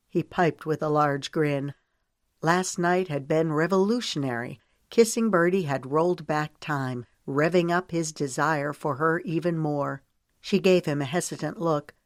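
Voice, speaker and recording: Woman reading a love story aloud, low voice, dry close sound. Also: unhurried, no room sound. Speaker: audiobook narrator. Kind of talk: scripted romance narration.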